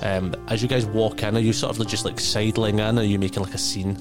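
A low-voiced man who narrates a tabletop game as game master. He describes the scenes in a relaxed way and keeps pausing on fillers. Faint music plays behind him. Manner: relaxed, hesitant with many fillers.

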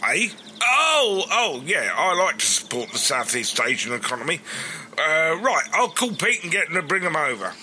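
An actor playing a shifty swindler in a radio sitcom, with smooth, wheedling sales patter. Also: male voice, on the high side, very animated, moderate pace, bright, forceful tone, slight background noise, heavily acted. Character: shifty London wide-boy swindler.

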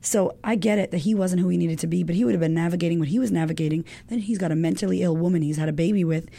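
A woman in her thirties tells a personal story as a guest, animated and emotional, with lots of fillers and casual swearing. Her voice is gravelly and mellow, sitting a little low. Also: very fast. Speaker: guest, women's coach. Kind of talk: casual chat.

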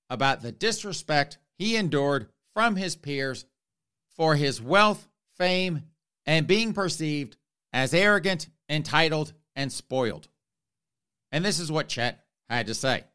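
A man's voice: a little high, bright, forceful tone, clear, resonant tone. A man hosting a comedic commentary show, mocking and ranting, often calling out to his listeners. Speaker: commentary host.

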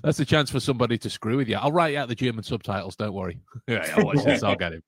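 A man's voice: mid-range voice, fast, husky, no echo, studio quality. A man hosting a casual podcast chat, stumbling and repeating his words and laughing often. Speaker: podcast host.

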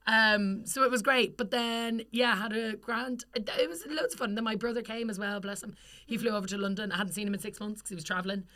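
A woman's voice: mid-range voice, fairly even intonation, bright, forceful tone. A young Irish woman co-hosting a podcast, telling stories in casual, sweary chat and laughing often. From Ireland. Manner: chatty, sweary storytelling, quick laughs. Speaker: podcast co-host.

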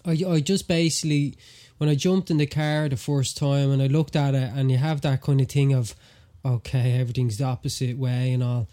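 A man's voice: mid-range voice, steady tone, brisk, warm tone. An Irish man in a casual chat, animatedly telling a story and acting out the quotes. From Ireland.

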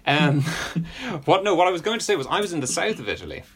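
A man's voice: fairly high pitch, sing-song, a little fast, slightly rough. A British man in a casual comedic chat, rambling through self-deprecating stories. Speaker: podcast co-host.

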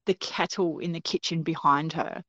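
A woman telling a personal story in a casual, animated way, acting out the voices she quotes. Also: low-pitched, moderate pace, no echo. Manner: animated, acts out quoted voices, laughs often. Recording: dull, dry lo-fi recording.

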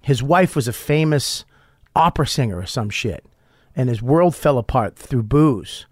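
A middle-aged man, a comedian guest, telling a story in casual chat with profane, animated bursts. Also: mid-range voice, normal speed, no echo, clean studio sound.

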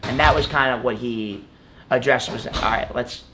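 A young college wrestler, interviewed as a guest, speaks at medium pitch and a moderate pace, with background noise behind him. His casual talk wanders, full of fillers such as "like" and "you know."

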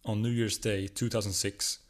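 A man with a Swedish accent, a guest reader narrating a comic short story with a steady reading. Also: on the low side, moderate pace.

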